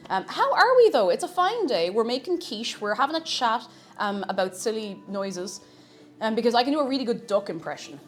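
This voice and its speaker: Chatty animated woman streamer. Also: on the high side, a little fast, faint music behind. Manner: chatty, greets viewers, makes silly animal noises. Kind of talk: casual live-stream chat while cooking.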